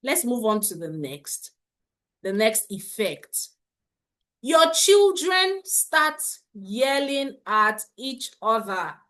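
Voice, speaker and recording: A woman's voice: a little high, very animated, pushed and bright. A woman teaching a live parenting webinar, repeating her points and asking viewers in the chat to confirm. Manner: slow, repetitive, asks the chat to confirm. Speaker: parenting coach.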